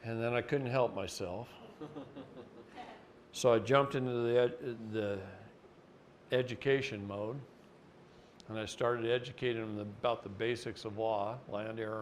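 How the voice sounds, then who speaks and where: Blunt, folksy male seminar speaker. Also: slight background noise. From Oregon, United States. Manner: folksy and blunt, acts out quotes with jumps in pitch. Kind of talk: lecture mixed with storytelling.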